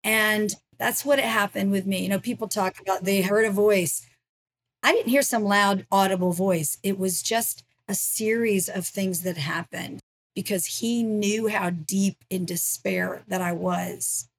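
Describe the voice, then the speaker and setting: A woman's voice: mid-range voice, steady tone, measured pace. Earnest woman sharing her testimony. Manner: earnest, emotional storytelling. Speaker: ministry founder, guest. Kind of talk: personal testimony in a podcast interview.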